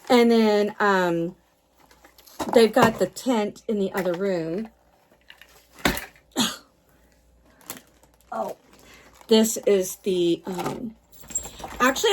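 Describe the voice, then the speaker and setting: A woman's voice: medium pitch, a little hiss or hum. A woman vlogging casually while sorting her doll collection, awed and repeating her exclamations, with many fillers, hot and sweaty from working.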